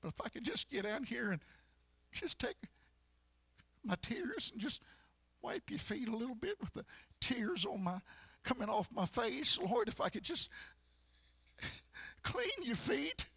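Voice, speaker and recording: A preacher acting out an ashamed, repentant woman who pleads and cries out in worship, with loud outbursts. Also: very high voice, sing-song, unhurried, pauses often, slightly rough, no echo, full character voice. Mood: weeping devotion. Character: repentant weeping woman sinner, ashamed and adoring. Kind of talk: acted sermon illustration.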